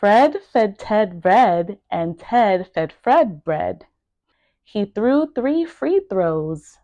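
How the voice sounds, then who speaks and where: A woman teaching English pronunciation, saying tongue twisters slowly and deliberately, word by word. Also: a little high, dark tone, dull audio. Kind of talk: pronunciation lesson.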